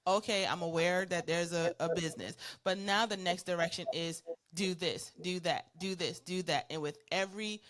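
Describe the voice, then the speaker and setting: A woman's voice: fairly low pitch, fairly bright tone. A woman co-hosting a business talk, explaining branding in a passionate, conversational way with frequent fillers. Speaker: co-host. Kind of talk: business advice discussion.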